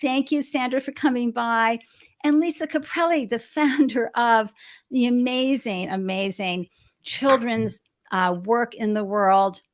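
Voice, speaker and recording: An effusive woman hosts a live-streamed interview show, greeting her viewers by name with gushing enthusiasm. Her voice sits a little high for a woman. She talks into a webcam on a video call from a home studio. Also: unhurried. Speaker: show host. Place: home studio with balloons behind.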